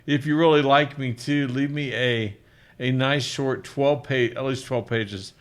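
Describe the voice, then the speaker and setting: A man's voice: medium pitch, fairly even intonation, a little slow. A middle-aged male physician hosting a live Q&A, chatting casually and rambling with self-deprecating jokes. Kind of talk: casual live-stream chat.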